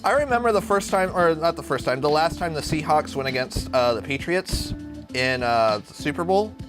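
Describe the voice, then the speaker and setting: A young Arizona man with a fairly high, expressive voice at a moderate pace chats while cooking on a live stream. Brash and profane, he hops between topics as guitar music plays beneath his voice.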